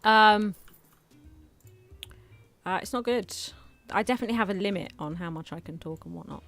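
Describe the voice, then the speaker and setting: A woman's voice: mid-range voice, moderate pace, a bit bright, soft background music. A young woman streaming a game, chatting casually at her microphone and laughing often, while she has hiccups. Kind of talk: casual live-stream chat while gaming. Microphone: desk microphone.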